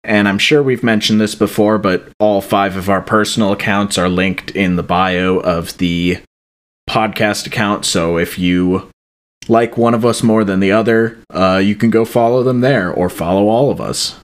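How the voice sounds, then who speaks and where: A man's voice: lowish voice, fairly even intonation, normal speed. A young man hosting a podcast, reading thank-yous in an offhand, joking way with many fillers. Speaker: podcast host. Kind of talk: casual podcast chat.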